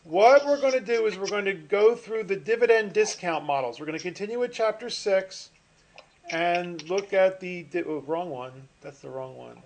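A middle-aged finance professor teaches a class online over a video call, picked up by his computer mic. He's chatty and rambling, frequently stopping and restarting with fillers. His voice is high, animated, a little mellow, and at normal speed.

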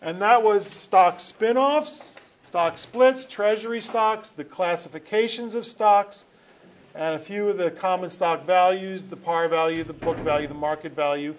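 A man's voice: sits high, steady tone, moderate pace. A male teacher giving a classroom lecture, joking with students and correcting himself as he rambles.

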